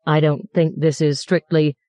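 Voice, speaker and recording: A woman reading as a buttoned-up father holding on to his manners with clipped, strained courtesy. The voice is low, soft-toned and dry, set close to the mic. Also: level tone, moderate pace, no room sound, lightly acted. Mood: restrained politeness. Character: stiff, formal middle-aged father.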